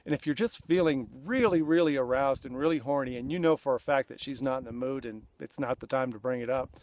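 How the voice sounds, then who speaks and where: A middle-aged men's coach speaks directly to camera at a quick pace, his medium-pitched voice darkish in tone and recorded dry. Earnest and plain-spoken, he coaches other men by acting out blunt confessions.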